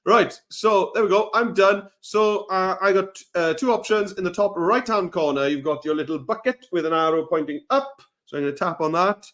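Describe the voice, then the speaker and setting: Man from Wales, fairly high voice, upbeat co-host, casual demo. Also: normal speed, hardly any pauses, fairly bright tone. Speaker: co-host teacher.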